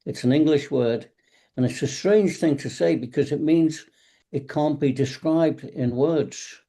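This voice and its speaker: A man's voice: a little high, unhurried, warm tone. A man who teaches tai chi and qigong, chatting on a video call in a rambling, anecdotal way and acting out the lines of the people he talks about. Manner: rambling, anecdotal, acts out cab drivers' lines. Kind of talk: casual online panel talk.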